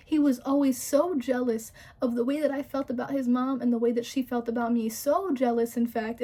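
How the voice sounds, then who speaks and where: A woman's voice: on the high side, warm tone. A young woman in an emotional personal monologue, raw and profane, stumbling over restarts and close to tears.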